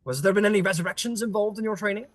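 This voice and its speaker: A man voicing an excitable male wizard researcher who gushes with fussy exclamations. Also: high voice, rapid-fire, no room sound, faint music behind, voice pushed up. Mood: thrilled. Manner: gushing, exclamatory, peppers speech with "goodness me".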